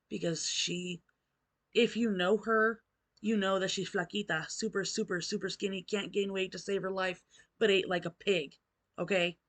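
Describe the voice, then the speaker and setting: A middle-aged woman vlogger telling a personal ghost story, candid and emotional, swearing casually. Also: medium pitch.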